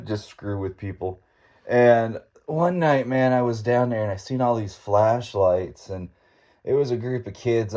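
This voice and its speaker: A podcast host with a fairly low, warm voice tells a story in a rambling, laid-back monologue. His grammar is folksy, and he chuckles frequently as he goes.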